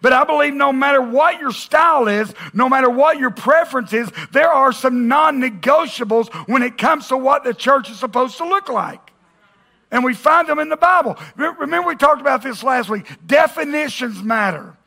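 A man's voice: extremely high pitch, animated, normal speed, creaky, sharp tone. A man preaching a sermon to a congregation in a church, talking conversationally, cracking jokes and calling out to the audience. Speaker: pastor.

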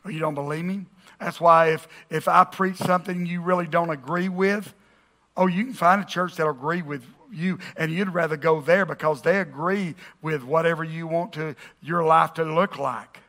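A man preaches to his congregation in an easygoing, conversational way. His voice sits high and rings bright. He drops in jokes and keeps checking in with the room. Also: fairly even intonation, normal speed. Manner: conversational preaching with jokes and audience call-outs. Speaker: pastor. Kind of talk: sermon. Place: church auditorium with congregation.

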